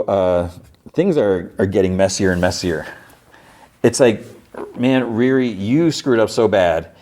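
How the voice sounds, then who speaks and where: A man's voice: fairly low pitch, a little mellow. A man hosting a podcast, retelling a TV episode in a rambling, casual way with lots of fillers. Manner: rambling, filler-heavy retelling with acted-out quotes. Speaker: podcast host.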